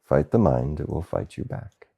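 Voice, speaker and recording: Deep gravelly man giving a slow satsang talk. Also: lively intonation. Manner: slow, gentle, with soft laughs and questioning "huh?". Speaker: spiritual teacher. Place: Asheville, North Carolina.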